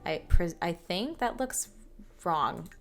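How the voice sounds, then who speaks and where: A woman's voice: lowish voice, big pitch swings, slow, faint music behind. A young woman giving casual, chatty commentary on a life-sim game, narrating each move and laughing often. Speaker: gaming channel host.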